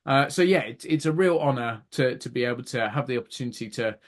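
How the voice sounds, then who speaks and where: Podcast host, effusive, mid-pitched, casual. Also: male voice, fast. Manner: warm, effusive sign-off, stumbles over words. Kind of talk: casual chat.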